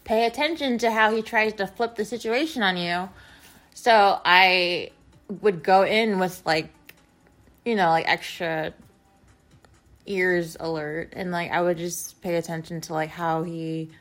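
Here a young adult woman vlogger talks directly to her audience in a confessional, filler-heavy ramble. She has a lowish, fairly bright voice, keeps a steady tone, and never hurries.

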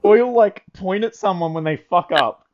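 A young man in his early twenties spins crude work stories on a casual podcast, swearing freely and laughing as he goes. His voice sits a touch higher than most men's. The sound is dull and lo-fi. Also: normal speed. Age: early 20s. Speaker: podcast co-host. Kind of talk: casual storytelling chat. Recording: lo-fi dull audio.

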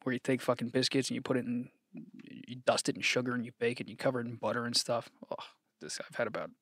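A man hosting a casual solo sports podcast, excitable and profane, swinging from shouted hype to low muttering. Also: fast talker, no echo, studio quality. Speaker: podcast host.

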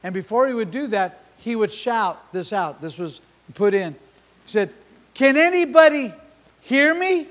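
High-voiced impassioned male pastor. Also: lively intonation, a little slow. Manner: impassioned, swings from hushed to shouting. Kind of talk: sermon. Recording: long hall reverb.

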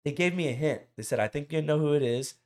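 A young man co-hosting a podcast, telling a story in casual chat, animated and laughing often. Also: fairly high pitch, fast talker. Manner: animated, laughs often, says "bro" and "I was like". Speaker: podcast co-host.

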